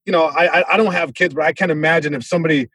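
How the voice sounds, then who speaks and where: A male comedian guest telling a story in an animated way, with many restarts and sound effects. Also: fairly high pitch, racing, husky, no echo.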